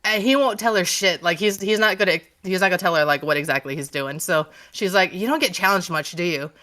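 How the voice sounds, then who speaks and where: Bright-voiced, gushing woman author. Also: lowish voice, fast. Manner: gushing, profane, rambling with restarts. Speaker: author being interviewed. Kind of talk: casual podcast interview.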